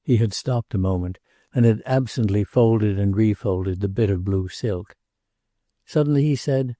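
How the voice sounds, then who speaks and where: A man reading a novel aloud as an audiobook narrator, in a measured, unhurried way. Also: lowish voice, dark tone, no echo, studio quality. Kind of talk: scripted narration.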